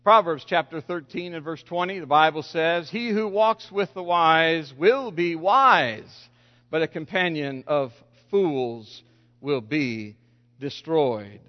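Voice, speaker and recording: Male pastor, high voice, lively preaching, echoey church hall with dull sound. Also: takes it slowly. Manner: animated preaching, rising to loud exclamations and dropping low. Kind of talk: sermon. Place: church sanctuary.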